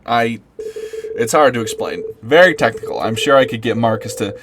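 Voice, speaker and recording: A man's voice: mid-range voice, lively intonation, normal speed, background noise, natural voice. A man doing a brash folksy woman senator. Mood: breezy. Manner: breezy, folksy, salesy. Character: brash middle-aged woman senator, folksy patriotic politician.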